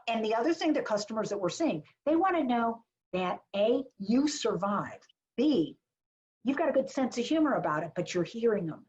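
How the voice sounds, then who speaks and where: A small business marketing advisor with a mid-range, darkish voice delivers a chatty, blunt webinar talk over a video call. She fills it with jokes and asides, and the audio quality is dull and lo-fi.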